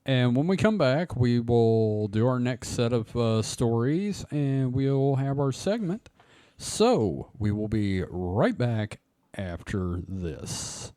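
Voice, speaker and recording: A man's voice: mid-range voice, big pitch swings, slow, dark tone, no echo, studio quality. A man hosting a casual podcast, joking and laughing often as he reads an article aloud. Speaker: podcast host.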